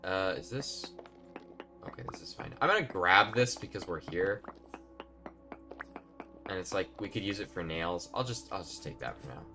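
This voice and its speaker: A chatty man streams a game, rambling to his viewers between moments of play. His voice sits a little low but rings bright and forceful, with faint music underneath. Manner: chatty, rambling, talks to chat while playing. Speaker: gaming live-streamer. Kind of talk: casual live-stream gameplay commentary.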